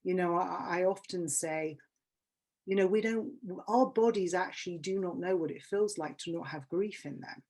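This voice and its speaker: A woman's voice: on the low side, normal speed, a little mellow. A British woman in her fifties giving a candid, emotional personal talk at a workshop, repeating words for emphasis. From England. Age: 50s. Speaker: workshop speaker.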